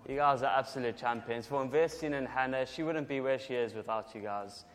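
A man from South Africa with a South African accent, preaching a jokey, lively sermon and having the congregation repeat scripture lines. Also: mid-range voice, brisk. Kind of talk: sermon with call-and-response scripture reading. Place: church hall. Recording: long echo of a large hall.

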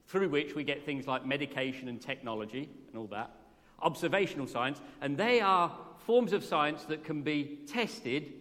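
A man's voice: on the high side, a bit bright. A man preaching a morning sermon in an earnest, conversational way, often putting questions to the congregation. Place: church during a morning service. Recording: long reverb from a church hall.

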